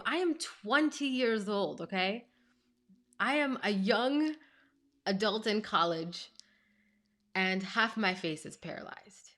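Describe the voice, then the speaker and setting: A woman in her thirties, a life coach, telling a personal story to camera in a chatty, emphatic way with lots of "like" and "you know". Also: mid-range voice. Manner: expressive, emphatic retelling.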